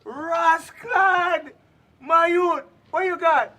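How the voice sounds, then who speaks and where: A man's voice: very high voice, drawn-out words, pushed and bright, full character voice. A man playing a brash, hot-tempered dice gambler in an indie film scene, taunting and cursing in a put-on Jamaican accent. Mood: shouting.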